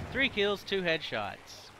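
Over background noise, a gamer with a high voice grumbles through his gameplay commentary, exasperated and throwing in mock-formal asides. His throat is sore and he keeps coughing.

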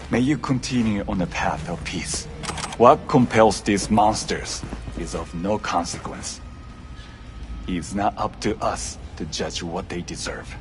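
A serene wandering monk, voiced by a man in a video game. He speaks formally and with measured calm, in a fairly low voice. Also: close to an everyday voice.

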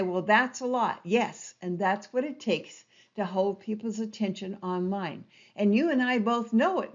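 A woman coaching presenters with lively, emphatic inflections that lean hard on key words. Her voice sits at an ordinary middle pitch. The recording is a touch dull and lo-fi. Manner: expressive, emphatic, varied inflection. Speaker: online presentation trainer. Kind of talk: instructional talk to camera. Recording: slightly dull lo-fi sound.

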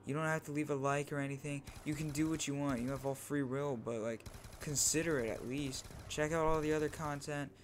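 A man's voice: a little high, steady tone, brisk, slight background noise. A young man vlogging a casual story, rambling and often adding "like" and "right?" into a new microphone. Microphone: first microphone, home setup.

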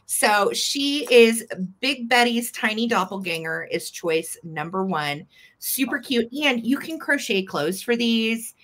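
Brief: female live-sale host, bright forward tone, gushy chatter. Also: fairly high pitch, expressive, measured pace. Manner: chatty and gushing, fond little words. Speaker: host selling vintage items live. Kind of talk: live sale chat, describing items.

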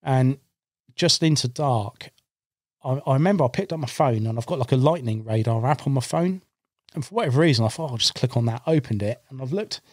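A man, a podcast guest and angler, telling a long fishing story in a casual, animated way and voicing his own past remarks, recorded on a studio microphone. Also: medium pitch, fairly quick, dry recording.

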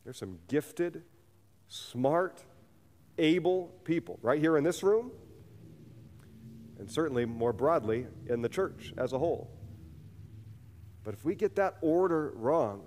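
A man with a mid-range, slightly mellow voice preaches a sermon as a pastor in a church sanctuary. He is earnest and builds toward fervent emphasis, and the recording carries the long reverb of a church hall.

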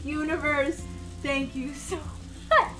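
A woman streaming a video game live, commenting excitedly and talking straight to her chat. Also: high voice, slow, faint music behind.

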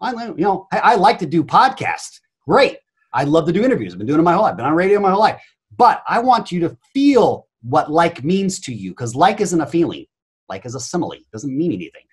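A man's voice: a little high, big pitch swings, quick pace, husky. A man speaking as a coaching guest on a podcast, blunt, emphatic and full of energy, swearing freely. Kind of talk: energetic interview talk.

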